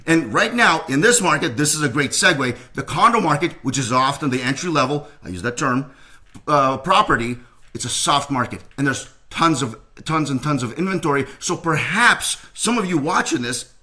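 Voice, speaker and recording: Guy, middle-aged, talks fast, kinda high voice, chatty market update. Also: bright, forceful tone. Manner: chatty, fast, restarts sentences, reassuring. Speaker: realtor giving a market update. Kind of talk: casual to-camera market update.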